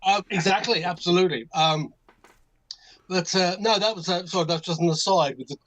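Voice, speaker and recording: An older man with an English accent tells a meandering story in a casual chat. His voice sits a bit high. He keeps breaking off into asides and restarting his sentences. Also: brisk, a bit bright, poor audio. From England. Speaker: guest modelmaker. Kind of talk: casual anecdote on a livestream.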